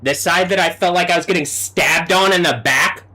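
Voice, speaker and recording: On a live stream, a man delivers an agitated, profane rant at a moderate pace, his bright, forward voice sitting a little high for a man. He swings between low muttering and raised yelling.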